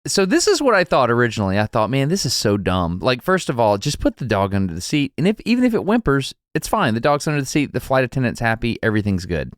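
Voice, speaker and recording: A man co-hosts a podcast, spinning a story in casual conversation and acting out its characters, laughing as he voices their quotes. His mid-range voice runs fast with few pauses, captured in clean studio sound without echo.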